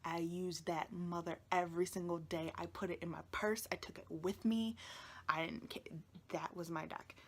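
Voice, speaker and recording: Tearful woman rambling in hushed tones. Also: fairly low pitch, fairly even intonation, moderate pace. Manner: rambling, often drops into a hushed whisper. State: emotional, on the verge of tears. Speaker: tarot video creator. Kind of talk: casual vlog chat to viewers.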